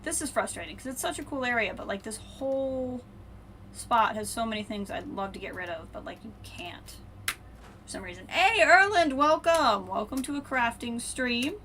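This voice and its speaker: A woman streaming a video game, thinking aloud and muttering to herself, then brightly greeting her viewers. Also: a little high, expressive, normal speed, slight background noise. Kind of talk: casual live-stream chat while playing.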